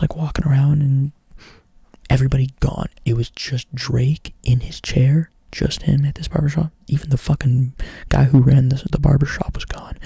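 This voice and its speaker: A man's voice: medium pitch, creaky, mellow, slightly rough, no room sound. A young man doing whispered ASMR storytelling up close to the mic, rambling casually and swearing a lot. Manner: rambling, profane, filler-heavy casual talk. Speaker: ASMR creator.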